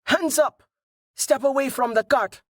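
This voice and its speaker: A jittery male archer, as a narrator puts him on, yelling high and shrill orders in a storybook. Dry, close sound. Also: unhurried, husky, no echo, exaggerated voice. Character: nervous young male archer, shrill and bossy.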